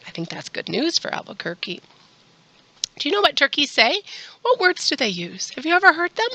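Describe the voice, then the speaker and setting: Librarian for storytime: a woman reading to kids, coaxing and cheerful, high pitch. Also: sing-song, brisk, bright, forceful tone, no room sound. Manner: cheerful, coaxing questions to children. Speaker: children's librarian. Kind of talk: storytime reading and songs for children.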